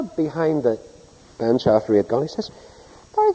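A man preaching a sermon in a large hall with a long, ringing reverb. His voice is dark and a little husky, and his pitch jumps around a lot as he acts out the people in his stories. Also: big pitch swings, normal speed, long pauses. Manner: storytelling, mimics people in anecdotes, swings from hushed to loud.

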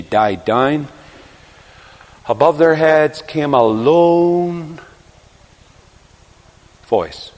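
Dramatic preacher man in a reverberant hall. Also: mid-range voice. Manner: dramatic storytelling, swings from hushed to crying out. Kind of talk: sermon.

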